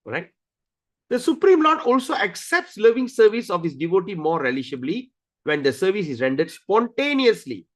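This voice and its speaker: Brief: high-voiced, expressive male scripture teacher who circles back over key words. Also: moderate pace. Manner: animated, acts out stories with voices; repeats key words, restarts sentences. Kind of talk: scripture study lecture.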